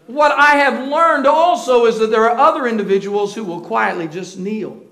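A man preaching a sermon as pastor, calling out to the congregation for responses and swinging between slow shouted emphasis and soft, hushed asides. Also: very high-pitched, expressive. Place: church sanctuary. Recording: roomy echo of a church hall.

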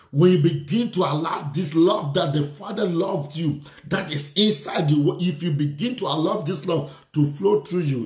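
A man's voice: a little high, a little mellow, reverberant. A man preaching a sermon, fervent and repetitive, speaking declarations and prayer over his listeners.

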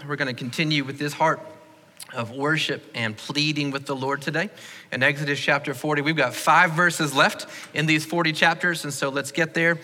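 In a church sanctuary, a male pastor preaches a sermon in a conversational, encouraging style, slipping in small jokes for the congregation. His voice is fairly high, bright and forceful, with a steady tone at a moderate pace, and the recording carries a long hall reverb.

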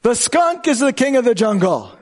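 A man's voice: very animated, moderate pace, a little mellow, full character voice. A preacher voicing a proud male lion in a spoken fable, boasting that he is king of the jungle. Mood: boastful. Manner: proud, booming declarations.

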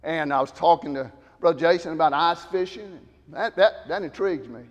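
A man preaching in a church sanctuary, his voice sitting high for a man. He swings from loud, shouted emphasis down to low, quiet asides. A long reverb from the hall trails after his words. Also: a little fast. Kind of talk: sermon.

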